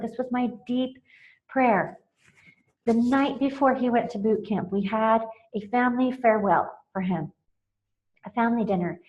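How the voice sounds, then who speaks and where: Earnest high-voiced mom giving parenting tips. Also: female voice, normal speed. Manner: earnest and emotional, with frequent laughs and restarts. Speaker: parenting mentor. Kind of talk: informal talk on parenting tips. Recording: muffled lo-fi recording.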